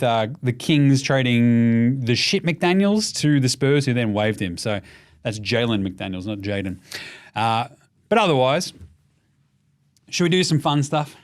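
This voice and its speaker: A man with an Australian accent hosting a casual, profane basketball chat, joking and swinging into excited outbursts. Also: medium pitch. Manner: animated, profane, jokey, bursts into shouts. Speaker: podcast host.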